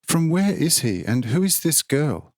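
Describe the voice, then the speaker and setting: Awestruck excitable man, as read by a male narrator, exclaims high and eager, dry close sound. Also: unhurried, no echo.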